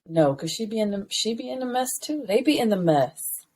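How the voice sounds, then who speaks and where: Animated woman co-host telling stories. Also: on the high side, brisk, slight background noise. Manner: animated, laughing, slangy storyteller. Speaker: podcast co-host. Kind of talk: casual chat, storytelling.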